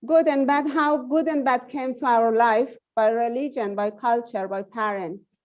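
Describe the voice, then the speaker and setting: A woman's voice: fairly high pitch, fairly even intonation, a little slow, a little mellow, lo-fi sound. A woman in an English conversation class, reflecting aloud and searching for her words. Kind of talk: classroom discussion.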